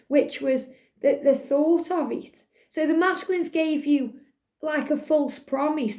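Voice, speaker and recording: Lady doing a tarot reading, soft and soothing, high but mellow voice. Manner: soft, soothing, half-sings lyrics. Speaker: tarot reader. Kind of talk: spiritual tarot reading monologue.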